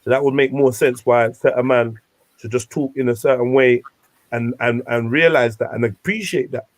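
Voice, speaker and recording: A man's voice: medium pitch, fairly even intonation, normal speed. A man hosting a casual panel chat, speaking passionately in street slang. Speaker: show host.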